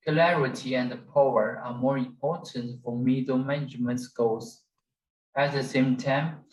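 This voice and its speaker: A young man, a student, reading out a scripted class presentation at a steady pace. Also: medium pitch, echoey room, poor audio.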